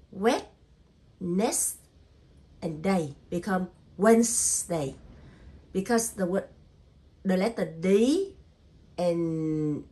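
Woman English tutor, slow and patient, drills spelling sound by sound in simple non-native English, medium pitch. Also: a little mellow. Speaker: English teacher. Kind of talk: spelling lesson.

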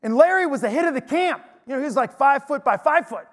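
A man preaching to an audience in an energetic, emphatic storytelling way. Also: extremely high pitch, fast. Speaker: speaker. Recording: long hall reverb.

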